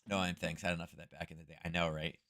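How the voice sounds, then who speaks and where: Male stream host, slightly hoarse, casual rambling delivery, close-miked at home. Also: sits low, little pitch movement, racing, sharp tone. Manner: rambling, thinking aloud, chuckling asides. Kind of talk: casual livestream chat. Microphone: close-up desk microphone.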